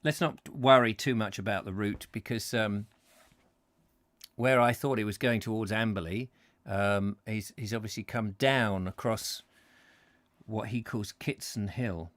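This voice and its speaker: A man's voice: on the low side, measured pace, a bit bright, no room sound. A man hosting a live book reading, reading expressively and breaking off for casual asides. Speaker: host, book reader.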